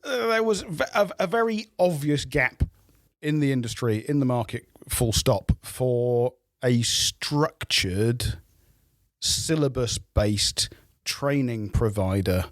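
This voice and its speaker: Measured British man, dry close sound. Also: medium pitch, dry recording. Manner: measured, dry wit, hesitant fillers. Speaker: podcast guest, trainer. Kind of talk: casual podcast chat.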